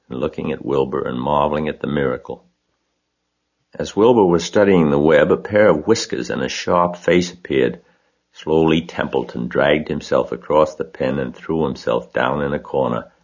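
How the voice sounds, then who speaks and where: A man with a husky voice reading a children's story aloud as narrator. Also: rumbling low, dull audio.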